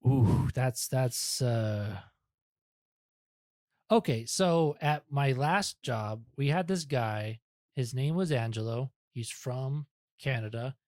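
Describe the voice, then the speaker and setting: A man's voice: mid-range voice, lively intonation, slow, darkish tone, dry recording, clean studio sound. A young man talking as a podcast guest in casual chat, rambling and self-deprecating, with many restarts.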